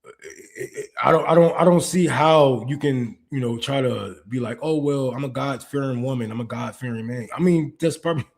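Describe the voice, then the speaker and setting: A young man delivering a heated, profane rant, full of stumbles and restarts, that swings between loud outbursts and low muttering. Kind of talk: ranting monologue.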